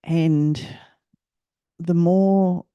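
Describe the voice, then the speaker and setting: An Australian woman hosting a personal storytelling podcast, speaking reflectively and haltingly and often repeating herself. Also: fairly low pitch, fairly even intonation, clear, resonant tone, dry recording, highs cut off. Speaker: podcast host.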